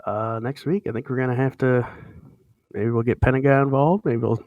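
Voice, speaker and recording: A man's voice: mid-range voice, steady tone, fairly quick, dry recording, phone-quality sound. Laid-back man recapping wrestling results. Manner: play-by-play announcer delivery, easygoing. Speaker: podcast co-host running a wrestling promotion. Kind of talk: casual chat, recapping wrestling show results.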